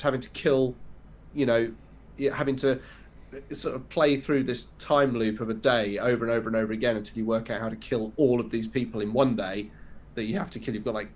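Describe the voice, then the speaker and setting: A man co-hosting a podcast, chatting casually and rambling through a rundown of video games. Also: medium pitch. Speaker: podcast co-host. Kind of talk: casual chat.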